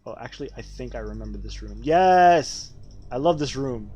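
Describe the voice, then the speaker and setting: A man's voice: on the low side, steady tone, fast, darkish tone, lo-fi sound. A man streaming a game, chatting casually with his viewers in a rambling, profane way. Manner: profane, rambling, talks to chat while playing. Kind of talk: casual gaming livestream chat.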